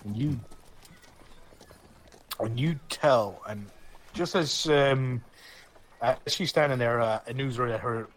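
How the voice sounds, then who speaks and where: A man's voice: medium pitch, takes it slowly, long pauses. A man narrating as game master of a tabletop role-playing game, rambling with many restarts.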